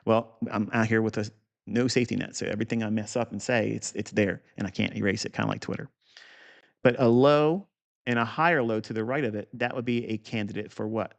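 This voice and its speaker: A man's voice: on the low side, fairly quick, vocal fry. A man teaching a live market review lesson in a blunt, profane, rambling way. He repeats key points for emphasis and talks straight at the viewer. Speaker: trading educator.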